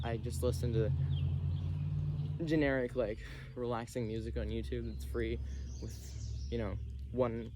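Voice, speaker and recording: A man's voice: mid-range voice, noisy background. A man vlogging outdoors into his phone while hula hooping, rambling casually and a little out of breath. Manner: chatty, rambling, self-deprecating. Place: outdoors in a rural backyard. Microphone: phone camera.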